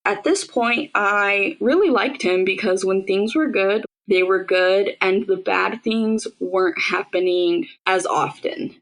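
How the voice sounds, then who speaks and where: A woman's voice: medium pitch, slow, few pauses, rough recording. A young woman candidly recounting a painful personal story, quoting what others said. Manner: candid, matter-of-fact retelling with quoted dialogue. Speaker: survivor telling her story.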